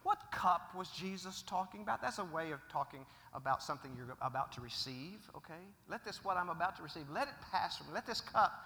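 Emphatic preacher, high and bright. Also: male voice, expressive, a little fast, few pauses. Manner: emphatic, swinging from loud declarations to hushed asides. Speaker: pastor. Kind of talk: sermon. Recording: long reverb of a large hall.

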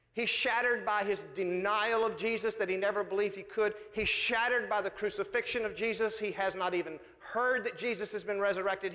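A man pastor, preaching a sermon with animated, folksy storytelling. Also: high-pitched. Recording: reverberant hall.

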